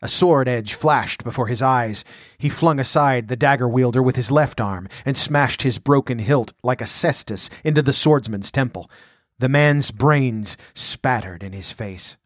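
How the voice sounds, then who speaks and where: A man narrating an adventure story aloud in a measured, dramatic reading. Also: medium pitch, no echo, studio quality. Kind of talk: audiobook narration.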